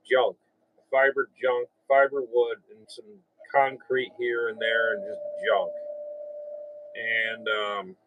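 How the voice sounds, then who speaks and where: A man of about fifty chats over the radio from home, rambling and grumbling in a blunt, offhand way. His voice sits at an ordinary middle pitch, and the close, dry sound carries no room around it. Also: dry recording, poor audio. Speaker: radio operator and channel host. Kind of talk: casual radio chat.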